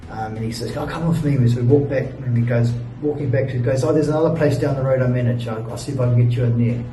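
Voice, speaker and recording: A man's voice: mid-range voice, fairly even intonation, quick pace, dark tone. A young man, tired after a long ride, telling a rambling travel story with lots of fillers and sighs in a hotel room. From New Zealand. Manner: laid-back, rambling, many fillers and sighs. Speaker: travel vlogger. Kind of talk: casual storytelling to camera. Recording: roomy, distant mic, faint music.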